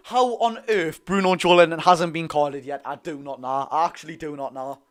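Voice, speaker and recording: A young man with a Geordie accent giving excitable, partisan live commentary on a football match for his viewers. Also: fairly high pitch, normal speed. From North East England. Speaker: football fan streamer.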